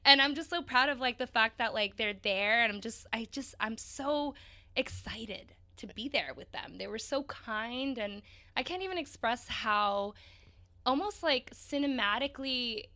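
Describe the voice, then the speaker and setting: A young woman co-hosting a podcast tells her story with lively, emotional energy. Her voice is bright and a little high, and she drops casual swear words as she goes. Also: measured pace. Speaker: podcast co-host.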